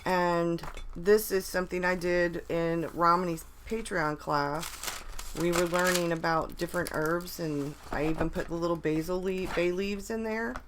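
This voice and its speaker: A woman's voice: fairly low pitch, steady tone, a little slow, background noise. A woman in a casual live chat, talking in a rambling way with many restarts and fillers. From United States. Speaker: vlogger.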